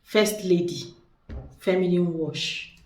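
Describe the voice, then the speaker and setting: A woman's voice: on the low side, slow pace, a little mellow. A woman showing off spiritual products in a chatty, persuasive way, repeating words for emphasis. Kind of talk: casual product showcase. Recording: echoey room, distant mic.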